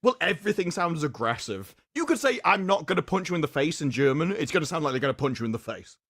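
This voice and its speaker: A middle-aged man co-hosting a casual livestream chat in an animated manner. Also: on the high side, quick pace. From United Kingdom. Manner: animated, does loud voices of game lines. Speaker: co-host.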